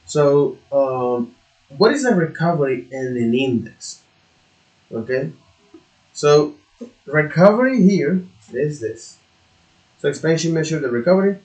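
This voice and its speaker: Slow, halting man in an echoey room. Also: fairly high pitch, lively intonation, darkish tone. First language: not English. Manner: halting, repeats words, swears in frustration. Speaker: self-taught learner. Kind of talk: thinking aloud while studying.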